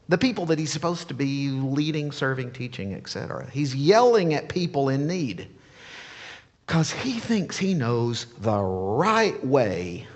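A male pastor delivers a sermon with animated, playful energy and frequent rhetorical questions. His voice is husky at mid pitch. A long church reverb trails every phrase.

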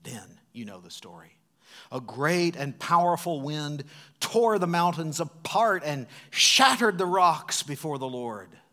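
A man preaching a sermon in a church. His delivery is dramatic and swings from loud, emphatic lines down to hushed, near-whispered ones. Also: fairly high pitch, sing-song, a little slow. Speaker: pastor. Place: church sanctuary.

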